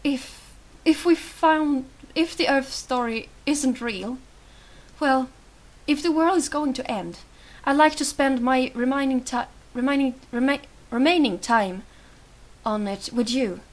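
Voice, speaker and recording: A woman's voice: sits high, measured pace. A young woman playing a game, reacting emotionally and reading its dialogue aloud. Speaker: let's play host. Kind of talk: let's play commentary and reading dialogue aloud.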